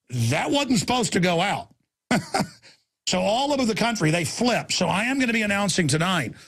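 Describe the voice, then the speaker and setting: A male talk radio host delivering a fiery monologue, ranting and yelling insults in bursts, then rattling off a rapid sales pitch before taking callers.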